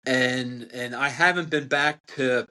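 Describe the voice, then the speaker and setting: Speaking slowly in a mid-range voice that sounds pushed and bright, this veteran butcher, an older American, guests on a podcast. It's a casual interview where he tells meandering stories, frequently starting over and breaking into laughter.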